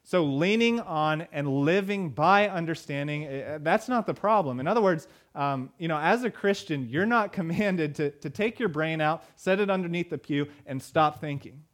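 A man's voice: a little high, moderate pace, hardly any pauses, fairly bright tone. A male pastor delivering a sermon in a conversational way, with fillers and emphatic repeated lines.

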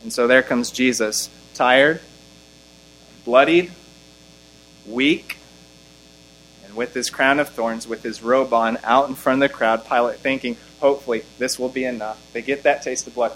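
A man's voice: fairly even intonation, a bit bright, slight background noise, low-quality recording. A man preaching an expository sermon, reading scripture aloud and pressing his points with rising force. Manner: emphatic, rising in pitch and volume on key lines, slowing to stress scripture.

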